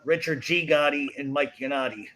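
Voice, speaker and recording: A man in a casual online radio chat, calmly listing facts. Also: fairly high pitch, fairly quick, poor audio. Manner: matter-of-fact, listing names.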